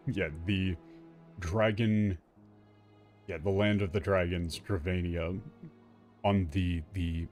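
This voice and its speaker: A man streaming a game and explaining its story in casual, rambling commentary, full of fillers and restarts and the odd swear word. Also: low-pitched. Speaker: streamer playing and translating a game.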